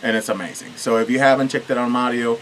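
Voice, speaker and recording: A man's voice: medium pitch, quick pace, fairly bright tone, a little hiss or hum, low-quality recording. A man from Puerto Rico, an author, talking casually behind the scenes with many restarts and fillers.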